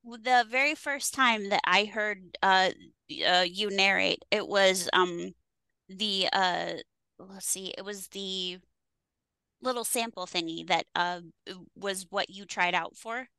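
Bright giggly woman podcast host. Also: mid-range voice, takes it slowly, smooth, dry recording, low-quality recording. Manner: giggly, chatty, with many fillers. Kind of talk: casual chat.

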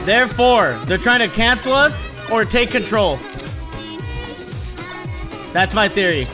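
A man streams and chats in a high, swooping voice, swearing through stories and outbursts at his game. Music plays loudly behind his talk. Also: slow. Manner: profane, animated storytelling, yells at the game. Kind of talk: casual stream chat and storytelling.

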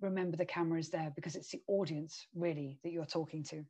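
A woman who runs a communications consultancy, talking straight to a webcam and giving emphatic tips on presenting. She shifts on purpose between lively, energetic stretches and quiet, slower ones. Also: sits low. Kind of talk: coaching talk straight to camera. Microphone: webcam setup while she watches herself on screen.

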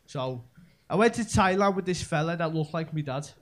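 A man's voice: fairly high pitch, expressive, normal speed. A young man with a Scouse accent doing a rambling live stand-up set full of local slang in a comedy club. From Merseyside, England. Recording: live club with crowd laughter. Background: audience laughter.

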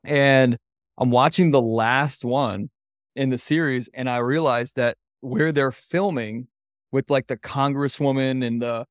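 A man's voice: medium pitch, fairly even intonation, measured pace, no room sound. A man in the middle of his range tells a personal story as a podcast guest, candid and openly emotional. His talk wanders loosely, full of "like" fillers and restarts. The sound is dry and close, with no room around it. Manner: loose, rambling, with many "like" fillers. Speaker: podcast guest, men's coach.

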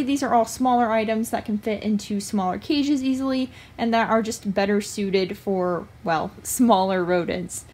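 A woman's voice: a little high, darkish tone. A woman hosting a pet channel, chatting casually through a product review with frequent filler sounds.

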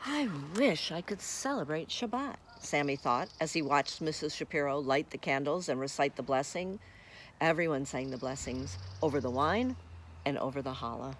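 A woman's voice: a bass voice, moderate pace, a little hiss or hum. Friendly woman reading a children's book aloud. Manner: friendly, talks to young listeners. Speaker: storybook reader.

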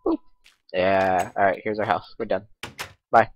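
A man's voice: on the low side, steady tone, unhurried. A man casually commenting on his own gameplay, rambling and mocking himself as he goes. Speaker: let's play host. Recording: dull lo-fi mic with faint hiss.

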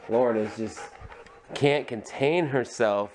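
A man filming a casual home vlog, chuckling and gently soothing his frightened dog. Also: lowish voice, moderate pace, slight background noise. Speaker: vlogger. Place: home indoors.

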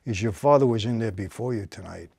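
A man's voice: quick pace, creaky, husky, dry recording, clean studio sound. New man telling a tense story. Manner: vivid storytelling, drops to a low quiet voice for tense moments. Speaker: host telling a personal story. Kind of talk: casual storytelling conversation.

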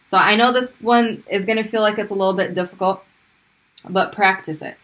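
Slow, patient woman teaching Arabic sounds. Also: medium pitch, fairly bright tone, rough recording. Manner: patient, repeats sounds slowly for drilling. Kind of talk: recorded video lesson.

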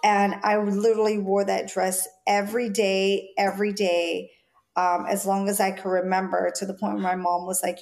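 A woman in her forties from Jamaica, with a light Jamaican accent, speaks at medium pitch and a moderate pace. She's a stylist being interviewed, telling childhood stories as a lively storyteller who acts out the voices of the people she quotes.

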